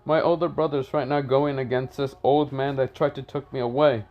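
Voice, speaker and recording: A man's voice: medium pitch, steady tone, moderate pace, highs cut off, voice pushed up, close to an everyday voice. Guy voicing an earnest kid ninja, just his normal voice. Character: young boy ninja, earnest.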